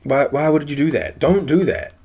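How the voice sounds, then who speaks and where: A man's voice: on the high side, moderate pace, dark tone, slightly rough. Joking let's-play man. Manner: joking, self-mocking, swears, stumbles over words. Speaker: gamer reading and playing a dating game.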